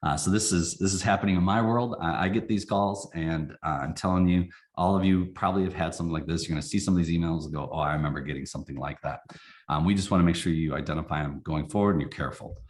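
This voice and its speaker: A man who runs a company, presenting a casual training webinar in a folksy, animated way and acting out examples. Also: sits low, quick pace, few pauses.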